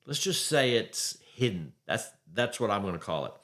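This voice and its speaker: A man's voice: lowish voice, sing-song, moderate pace, a bit bright. A man hosting a faith-based marriage podcast, talking emphatically and conversationally with the odd wry chuckle. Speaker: podcast host.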